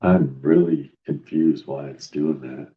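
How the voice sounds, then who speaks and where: A man's voice: a bass voice, steady tone, slow, dull audio. A man investigating a house for a live stream, talking to himself as he sets up recording gear. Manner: mutters to himself while setting up equipment. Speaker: paranormal investigator. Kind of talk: casual live-stream chat.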